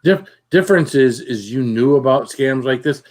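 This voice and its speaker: A man's voice: medium pitch, expressive, normal speed, darkish tone. Matter-of-fact man explaining. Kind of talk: casual group chat.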